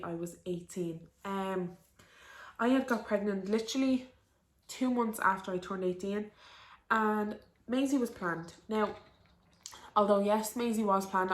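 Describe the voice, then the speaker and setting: A young woman in her early twenties with a Dublin Irish accent, telling a personal story to camera in a chatty, rambling way full of "um" and "like.". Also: mid-range voice. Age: early 20s. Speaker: vlogger. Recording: roomy echo.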